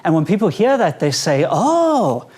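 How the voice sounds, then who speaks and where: A high-pitched young man with a South African accent delivers a stand-up routine, his voice swooping up and down as he jokes. He talks in an animated, playful way. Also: normal speed. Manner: animated, jokey, acts out quoted voices. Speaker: stand-up comedian. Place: conference hall stage with a live audience.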